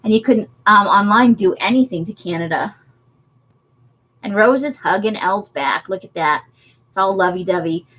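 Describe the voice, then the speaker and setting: A woman's voice: mid-range voice, lively intonation, moderate pace, fairly bright tone. A woman chatting casually on a craft livestream, laughing often as she answers viewer comments. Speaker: livestream host.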